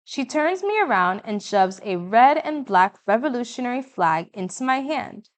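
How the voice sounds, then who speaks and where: A woman narrating an audiobook in the first person, with measured, vivid storytelling. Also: a little high, very animated.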